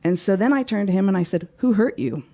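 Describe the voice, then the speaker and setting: A woman's voice: medium pitch, fast talker. A woman guest, a life coach, telling a personal story in a studio interview and acting out the dialogue. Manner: animated storyteller, acts out dialogue. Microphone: studio microphone.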